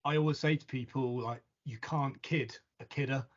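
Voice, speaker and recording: A man hosts a casual podcast interview with a mid-pitched voice. He is joking, informal and freely profane, and the sound is slightly dull and lo-fi. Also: fairly even intonation, normal speed. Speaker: podcast host.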